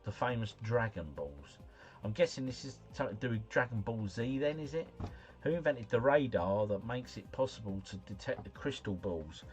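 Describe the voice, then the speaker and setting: A man's voice: medium pitch, lively intonation, moderate pace, a little mellow. A man hosting a casual livestream, talking himself through answers in a chatty, slangy ramble. Faint music runs behind him. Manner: chatty, musing aloud, slangy. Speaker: livestream host.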